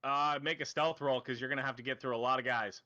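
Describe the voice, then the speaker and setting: A man's voice: medium pitch, steady tone, fast talker, sharp tone, lo-fi sound. A man narrating as dungeon master of a tabletop game, rambling and correcting himself as he explains the rules. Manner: rambling, self-correcting, laughs often.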